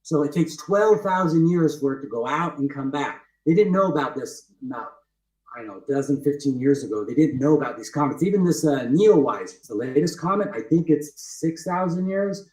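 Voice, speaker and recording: A man's voice: a little high, expressive, normal speed, darkish tone. A man presenting a webinar, teaching emphatically and repeating his points with rhetorical questions. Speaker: webinar presenter walking through his book. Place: outdoors with trees behind him. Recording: echoey sound, voice distant from the mic.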